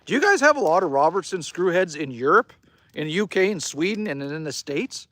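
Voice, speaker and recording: Lively-pitched Canadian man chatting live. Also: a little fast, no room sound. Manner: chatty, rambling, casually swears. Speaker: livestream host. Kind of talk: casual live-stream chat reading viewer comments. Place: outdoors by a fire.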